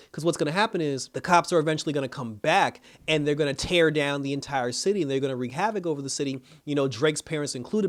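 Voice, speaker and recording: A man giving a casual, animated recap of a TV episode, acting out the characters' lines and laughing as he goes. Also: mid-range voice. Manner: animated storytelling, acts out characters' lines, laughs while talking. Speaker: TV episode reviewer.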